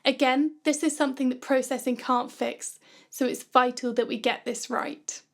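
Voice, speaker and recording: A woman narrating a scripted music production tutorial in a calm, clear, instructive way. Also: high-pitched, normal speed, a little hiss or hum.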